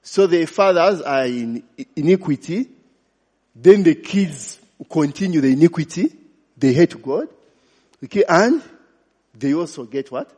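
A man's voice: a little high, animated, unhurried, darkish tone, slightly rough. A man preaching a sermon, asking the congregation questions and slipping in Luganda phrases. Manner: call-and-response, asks congregation questions. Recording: long reverb of a large hall.

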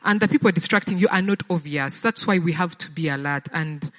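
A woman's voice: fairly low pitch, a little fast, fairly bright tone, in a large hall. A woman giving a sermon-style personal testimony in a conversational way, often repeating words as she searches for them. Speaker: speaker sharing a personal testimony.

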